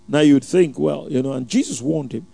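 Gravelly guy preaching in church, darkish mellow tone, prays slow and fervent then teaches with lots of uh's and restarts. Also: on the high side, no room sound. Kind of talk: sermon with opening prayer.

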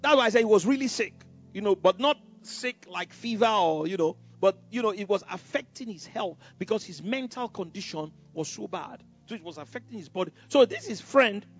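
Male pastor, animated storytelling sermon, husky high voice, dull lo-fi recording. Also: a little fast, hardly any pauses. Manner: animated storytelling preacher, full of "you know" asides, stammers. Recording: dull lo-fi sound with faint music.

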